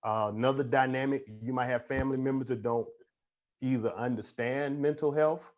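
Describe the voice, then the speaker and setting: A man's voice: mid-range voice, steady tone, normal speed. A man speaking as a counselor on a panel, emphatic with a repetitive, preacher-like cadence. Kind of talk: panel discussion. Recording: dull lo-fi audio with faint noise.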